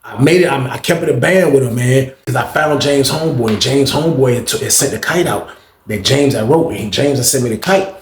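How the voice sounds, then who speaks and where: A man telling a casual storytime in slangy, animated speech, acting out what people said. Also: medium pitch, fairly quick, a little hiss or hum. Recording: roomy echo.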